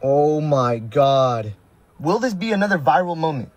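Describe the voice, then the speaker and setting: Nervous young prankster from Sacramento. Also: male voice, fairly high pitch, expressive, measured pace, darkish tone, faint music behind. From Sacramento area, California. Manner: nervous, swearing oaths, slangy. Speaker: prank video maker streaming live. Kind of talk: excited live-stream talk to chat.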